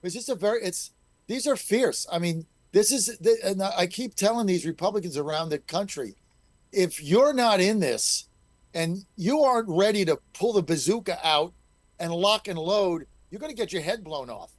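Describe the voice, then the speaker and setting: A man's voice: sits high, lively intonation, normal speed, no room sound. A middle-aged man, a state legislator guest on a talk radio show, speaking in an emphatic, combative way. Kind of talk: call-in talk radio interview.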